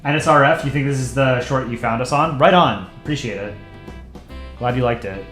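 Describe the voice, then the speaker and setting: A man's voice: medium pitch, brisk, a bit bright, reverberant, soft background music. A man hosting a livestream, chatting in a rambling way with lots of fillers and little laughs. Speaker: livestream host. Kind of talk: casual livestream commentary.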